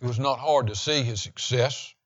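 A man preaching a sermon with emphasis, slowing down to read scripture aloud. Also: medium pitch, muffled recording. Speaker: pastor.

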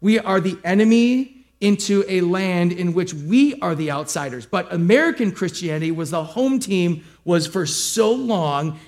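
Storytelling pastor, middle-aged man. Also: high-pitched. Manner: conversational storytelling with asides and self-deprecating humor. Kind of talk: sermon.

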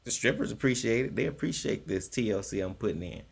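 Gravelly-voiced man in lively podcast banter. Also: fairly low pitch, fast talker. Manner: animated storytelling, acts out quoted voices. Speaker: podcast co-host. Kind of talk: casual comedic chat.

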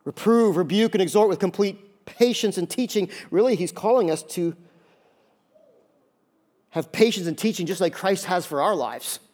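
A male pastor preaching in an easygoing, conversational way, with quick jokes and asides. His voice sits high for a man and swings between loud emphasis and quiet, soft passages. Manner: conversational and animated, jokey asides. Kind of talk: sermon.

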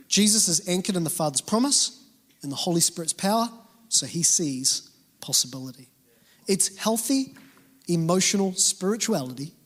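A man's voice: on the high side, a bit bright, husky. A man preaching a sermon in a church, earnest and emphatic with conversational asides. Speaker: pastor. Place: church auditorium. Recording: reverberant hall with faint music.

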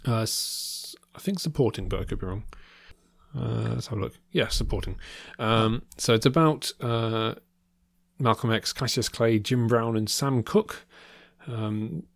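A man's voice: mid-range voice, measured pace, vocal fry, no room sound, clean studio sound. A man co-hosting a podcast, chatting casually about films with many ums and restarts. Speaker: podcast co-host. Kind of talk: casual film review chat.

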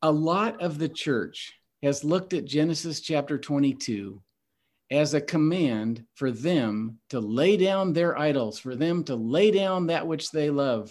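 A man's voice: a little high, a little mellow. A man hosting a Bible teaching podcast, earnest and emphatic in a preacherly way. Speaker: host.

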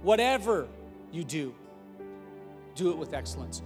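Man preaching a sermon, slightly higher voice, long hall echo, faint music behind. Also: moderate pace. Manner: conversational, self-deprecating humor, builds to emphatic repetition. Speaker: pastor.

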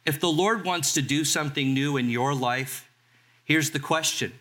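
A man in his sixties from Southern California, a pastor preaching a sermon in a conversational way and slowing down to read scripture. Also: a little high, sharp tone. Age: 60s. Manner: conversational, reads scripture slowly.

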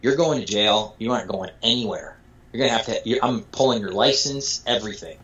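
A man from Michigan telling a casual story with animated delivery, acting out dialogue and swearing freely. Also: on the low side, fairly quick. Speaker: storyteller guest. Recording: dull lo-fi sound.

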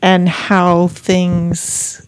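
A woman's voice: lowish voice, completely flat delivery, very slow, a little hiss or hum. A woman co-hosting a podcast, recounting her thoughts in a loose, rambling way full of fillers. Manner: rambling storyteller with many fillers. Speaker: podcast co-host. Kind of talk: casual chat about audiobooks.

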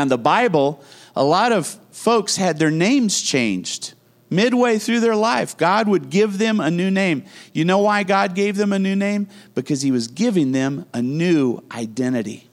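A man delivering a sermon with a slightly higher-than-usual voice. He preaches earnestly, repeating key phrases and slowing down on each one for emphasis. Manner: earnest preaching with dramatic slowdowns and emphatic repetition. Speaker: pastor.

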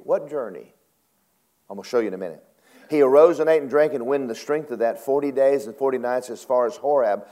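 A male preacher delivering a sermon, swinging from low murmurs to high, dramatic acted cries. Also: dark tone.

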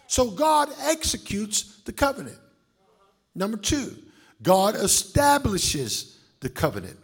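Husky-voiced preacher, high and lively. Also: male voice, a little slow. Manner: preaching with call-and-response to the congregation; swings between shouts and hushed asides. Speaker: pastor. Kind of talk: sermon.

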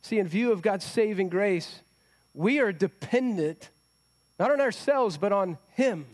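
Man, pastor, sermon, conversational, rhetorical questions, high-pitched. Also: lively intonation, a little slow.

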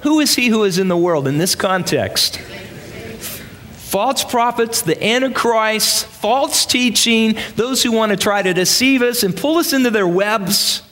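Animated preacher man in an echoing hall. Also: on the high side, slight background noise. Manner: emphatic, with rhetorical questions to the congregation. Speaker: pastor. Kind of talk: sermon. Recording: long reverb of a large hall.

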